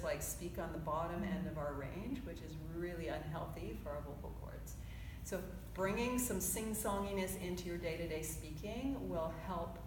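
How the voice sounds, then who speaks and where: A woman coaching a choir section through a vocal warmup, encouraging and chatty, quick to laugh. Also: fairly low pitch. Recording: roomy sound with background noise.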